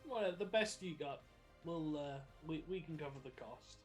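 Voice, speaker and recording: Easygoing male tabletop player, higher voice. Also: normal speed, faint music behind. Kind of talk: casual tabletop chat.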